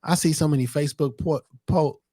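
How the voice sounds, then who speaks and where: Easygoing male podcast co-host, quick to laugh, fairly high voice, dry room. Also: mellow, no echo. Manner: laid-back, laughs often, quick reactions. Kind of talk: casual chat.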